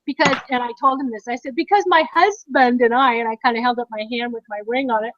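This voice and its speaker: A high-pitched middle-aged American woman tells a long story in a chatty way, laughing often. Her voice comes across dry and a little dull, like a lo-fi recording. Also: fast, a bit bright, dry recording. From United States. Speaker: podcast co-host. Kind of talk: casual chat.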